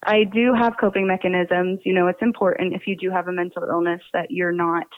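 A woman's voice: lowish voice, level tone, brisk, dry recording. A talkative woman with a New Jersey accent chats as a podcast guest, swearing casually and laughing between thoughts. Her voice comes through a thin, phone-like line with no room sound. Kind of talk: casual interview chat.

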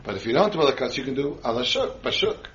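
A man's voice: medium pitch, very animated, quick pace, fairly bright tone, dull audio, slight background noise. A man teaching a Torah class to a group, often quizzing his listeners with questions and answering them himself. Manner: quizzes the audience with frequent questions.

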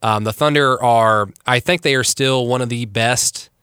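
A man's voice: mid-range voice, normal speed, bright, forceful tone, clean tone, dry recording, studio quality. A man hosting a casual sports podcast, joking around and rambling with frequent self-corrections. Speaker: podcast host.

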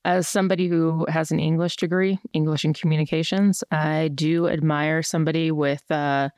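A young woman hosting a casual podcast chat, talkative and quick to laugh. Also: deep voice, flat delivery, a little mellow, clear, resonant tone, dry recording, clean studio sound. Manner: chatty, laughs often, quotes herself in playful voices. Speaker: podcast host.

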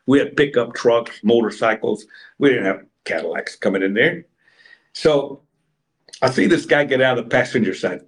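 With a mid-range voice, lively intonation, and a moderate pace, this older man from Texas rambles through long stories as an interview guest. He performs other people's lines while spinning his anecdotes.

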